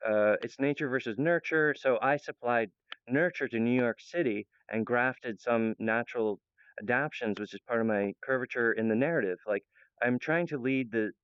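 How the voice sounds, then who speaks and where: A young man talks in a long, wandering monologue, chuckling often and restarting his sentences. His voice is smooth and resonant at a middling pitch. The recording is dull and lo-fi, with no room echo at all. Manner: meandering, laughs often, many restarts. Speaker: channel host. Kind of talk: rambling monologue. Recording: dull, lo-fi, dry sound.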